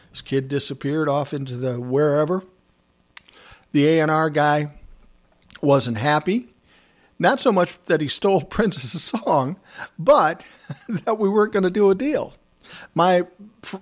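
A man's voice: a little high, expressive, measured pace, pauses often. A man telling a casual anecdote from his time as a music producer, acting out the dialogue and swearing freely. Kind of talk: casual spoken storytelling.

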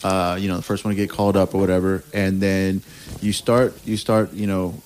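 A man hosting a podcast, asking casual, unhurried questions with fillers. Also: low voice, flat delivery, darkish tone, slight background noise. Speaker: podcast host. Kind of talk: casual interview.

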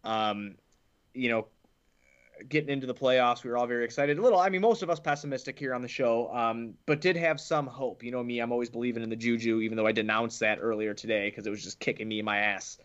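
A man's voice: mid-range voice, fairly even intonation, quick pace, a bit bright, smooth, dull audio. Frank, loose-talking male podcast host. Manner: loose, frank, swears casually. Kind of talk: casual sports podcast chat.

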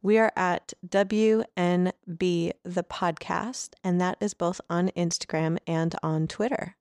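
A woman's voice: on the low side, smooth, dry recording, distant mic. A woman hosting an interview podcast, chatting casually and laughing often. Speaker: podcast host. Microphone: remote recording.

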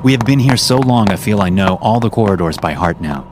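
A man's voice: animated, brisk, background noise. A man narrating a first-person horror story for a podcast, reading it as a script and lifting his voice for the quoted lines. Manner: acts out quoted lines louder and higher. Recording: music playing under the voice.

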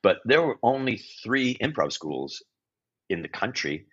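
Husky-voiced man telling stories animatedly. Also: on the low side, measured pace. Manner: animated, frequent restarts and self-corrections; blunt, occasional swearing. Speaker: guest improviser and teacher. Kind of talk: storytelling interview talk. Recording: dull lo-fi audio.

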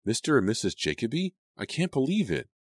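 An anxious teenage girl, voiced by a man reading an audiobook, earnest and easily alarmed. The voice is pushed up from a deep base, and it sounds dry and close with no room around it. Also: lively intonation, brisk, no room sound. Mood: worried, earnest.

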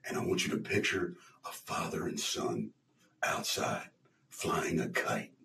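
A man doing an impression of an eccentric celebrity giving a slow, dramatic sales pitch in a low, half-whispered voice. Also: lively intonation, creaky, pushed and bright, full character voice. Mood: solemn pitch. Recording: roomy, mic at a distance.

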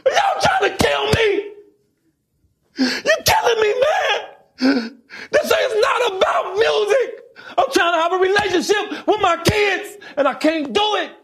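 A man with a husky voice in a televised interview, defending himself in an agitated, pleading way. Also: very high voice, big pitch swings, a little slow, fairly bright tone, shouting.

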